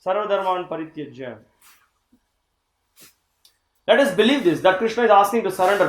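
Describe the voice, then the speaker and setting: A man's voice: sits high, racing, few pauses, roomy sound, low-quality recording. A man teaching a scripture course, reading passages aloud and commenting on them. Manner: reads aloud and comments, with laughs. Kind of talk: scripture class lecture.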